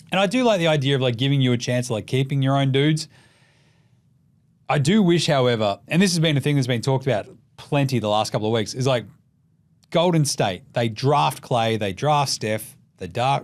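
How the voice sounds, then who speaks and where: An Australian man hosting a casual sports show, swearing freely and joking as he runs through his takes. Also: mid-range voice. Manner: profane, jokey, animated with mocking put-on voices. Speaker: podcast host.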